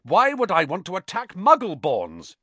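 A man's voice: sits high, wildly swooping pitch, normal speed, sharp tone, slightly rough, no echo, pitched above the performer's own voice, exaggerated voice. A man voicing a young boy wizard who speaks curtly and fiercely. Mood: angry. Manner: curt, fierce.

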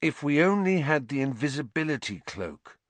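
A man's voice: on the high side, sing-song, normal speed, no room sound, voice pushed up. Harry, a man doing an urgent teenage boy. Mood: urgent, uneasy. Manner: earnest and urgent. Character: earnest, anxious teenage schoolboy wizard.

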